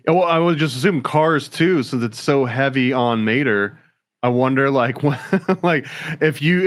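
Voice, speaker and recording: A man's voice: medium pitch, fairly bright tone. A man in a casual podcast chat who jokes and asks playful questions. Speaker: podcast co-host.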